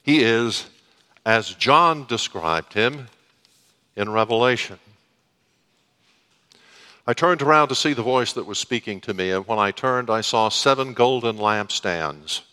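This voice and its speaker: Guy preaching slow with big pauses, bright voice, hall echo. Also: medium pitch, animated, clear, resonant tone. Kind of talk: sermon. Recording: long reverb of a hall.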